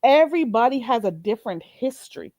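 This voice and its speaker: A woman's voice: a little high, sing-song, brisk, mellow, no room sound, dull audio. A woman streams from her own channel, swinging her voice up and down as she mocks and scolds a viewer. She talks bluntly and with exasperation. The sound is dry and close. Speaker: channel host. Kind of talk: livestream rant.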